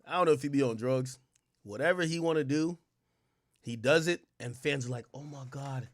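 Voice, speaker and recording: A man giving casual, animated commentary on a stream, laughing often and mocking fans in exaggerated voices. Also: on the high side, brisk, no room sound. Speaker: stream co-host. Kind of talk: casual commentary on music and rappers.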